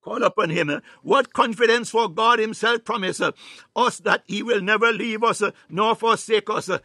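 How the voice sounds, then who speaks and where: A man preaching a fervent sermon, filling every pause with "my God" and "hallelujah" and sometimes breaking into tongues and shouts. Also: high-pitched, fairly even intonation, no echo, clean studio sound. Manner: bursts into tongues, rising to shouts.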